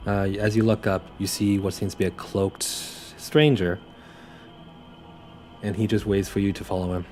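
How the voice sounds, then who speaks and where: A man's voice: fairly low pitch, moderate pace, a little mellow, soft background music. A young man running a tabletop game as game master, narrating loosely with many fillers and restarts.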